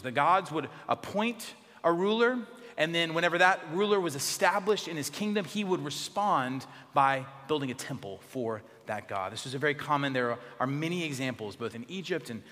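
A pastor preaching a sermon in a church, expressive, dropping to soft tones for emphasis. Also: male voice, a little high, big-room sound.

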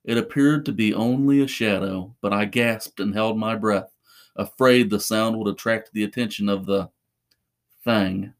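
A man narrating a first-person horror story in a measured, suspenseful way. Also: fairly low pitch, fairly even intonation.

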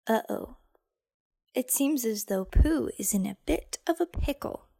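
A woman's voice: a little high, expressive, unhurried, creaky, mellow. A woman hosting a story program, signing off in a friendly, informal way. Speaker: program host. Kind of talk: radio program sign-off.

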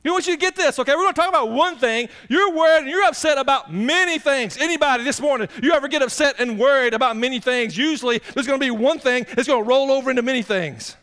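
High-voiced pastor preaching. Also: male voice, fast, few pauses, pushed and bright. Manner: folksy, direct questions to the congregation. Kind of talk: conversational sermon.

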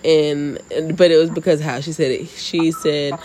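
A woman in her thirties co-hosting a casual chat, an animated storyteller who laughs often. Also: low voice, normal speed, hardly any pauses, a little hiss or hum, low-quality recording. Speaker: podcast co-host.

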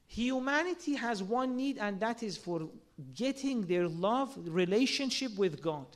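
A man giving a sermon, earnest and full of rhetorical questions and everyday examples. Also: extremely high pitch. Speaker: religious speaker.

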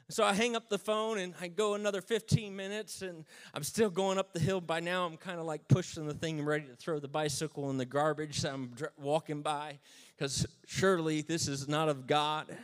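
A man in his thirties with a slightly high voice tells a funny story from his own life. He jokes at his own expense in a dry, lively way. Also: moderate pace, clear, resonant tone. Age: 30s. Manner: self-mocking, dry jokes, lively retelling. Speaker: speaker telling a personal story. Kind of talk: humorous personal storytelling.

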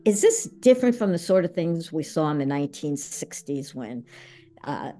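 An older woman with a notably low voice hosts a relaxed podcast chat. She talks in a chatty way and corrects herself as she goes. Faint music sits beneath her. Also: moderate pace. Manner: chatty, self-correcting with laughs. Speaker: podcast host. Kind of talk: casual podcast conversation.

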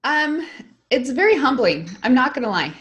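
A woman's voice: high voice, big pitch swings, moderate pace, fairly bright tone. A middle-aged woman speaking as an interview guest, telling a personal story in an emotional, candid way. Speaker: guest, online course creator.

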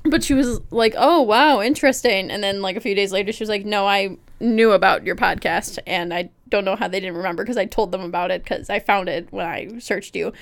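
A woman's voice: medium pitch, a little fast, gravelly, hardly any pauses. A young adult woman co-hosting a podcast, telling rambling, self-deprecating stories in casual chat. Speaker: podcast co-host.

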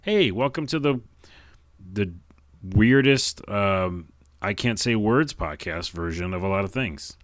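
A man with a very low voice hosts his own podcast, chatting alone. He rambles, stumbles over words and pokes fun at himself. The recording is dry and close. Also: lively intonation, a little slow, no room sound. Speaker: podcast host. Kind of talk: casual solo podcast chat.

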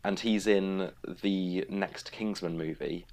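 A man's voice: deep voice, fairly even intonation, takes it slowly, creaky, a little mellow, slight background noise. A man co-hosting a podcast in casual chat, dry and matter-of-fact. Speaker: podcast co-host.

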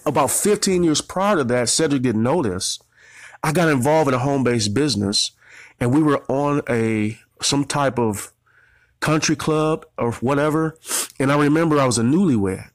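A man's voice: medium pitch, moderate pace, no echo, studio quality. A man in his forties, a marketing coach, giving an emotional motivational talk, holding back tears and repeating phrases as he tells his story.

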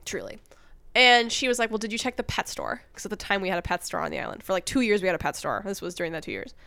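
A woman's voice: mid-range voice, very fast, gravelly, no room sound. Young woman podcast host, chatty storyteller, laughs easily, dry close sound. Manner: laughing often, animated storyteller. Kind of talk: casual storytelling chat.

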